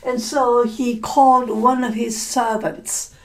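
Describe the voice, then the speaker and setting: A woman language teacher tells a story to learners at a very slow, patient pace. Her voice sits a little high, and she keeps stopping to repeat and explain words with hesitant fillers. Faint noise runs under the recording. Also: little pitch movement, fairly bright tone, low-quality recording.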